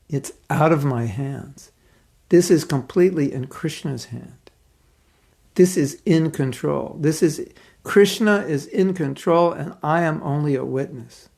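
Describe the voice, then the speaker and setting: A male spiritual teacher tells a devotional story in a gravelly voice pitched a little high. He reads aloud and comments earnestly, with expressive pauses. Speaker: spiritual teacher giving a class.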